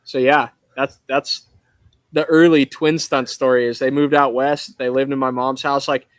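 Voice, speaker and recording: A laid-back man with an Arizona accent speaks as a guest over a video call from his welding shop. He talks in a loose, rambling way, full of fillers, at an ordinary pitch. The sound is dry and close. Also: little pitch movement, moderate pace, clean tone, no echo. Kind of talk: casual interview chat.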